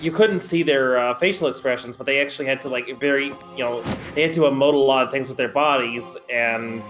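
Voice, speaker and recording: A man co-hosting a game stream, chatting casually in halting speech full of fillers. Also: medium pitch, a bit bright, faint music behind, low-quality recording. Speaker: co-host. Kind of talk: casual chat.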